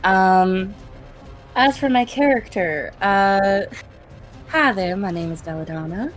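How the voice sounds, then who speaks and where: Woman player, has a cold, casual chat, lots of fillers, mid-pitched. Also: expressive, slow, faint music behind. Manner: chatty and filler-heavy. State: sick with a cold. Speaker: player and streamer. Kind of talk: casual chat in a tabletop game session.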